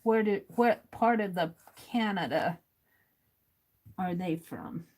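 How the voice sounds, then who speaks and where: A woman hosting a casual livestream, reading viewer comments aloud, chuckling often and thinking out loud. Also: on the low side, lively intonation, slow pace, low-quality recording. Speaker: livestream host.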